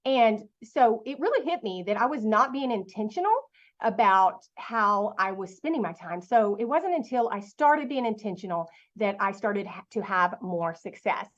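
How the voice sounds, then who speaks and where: A middle-aged woman giving a motivational talk to an online audience, telling a lively story and asking her listeners questions. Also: mid-range voice, moderate pace, highs cut off. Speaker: guest speaker.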